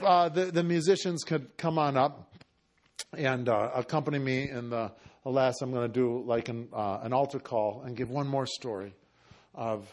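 A man's voice: mid-range voice, a little mellow. A man preaching a sermon and telling a story with passion, his voice often rising toward a cry.

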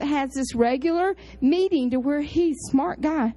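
A woman pastor with a drawl preaches in a chatty storytelling way. Her voice sits a little high, and she leaps into excited highs and drops into low, quiet asides. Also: moderate pace, hardly any pauses, rough recording. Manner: chatty, animated, jumps between high exclamations and low asides. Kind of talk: storytelling sermon.

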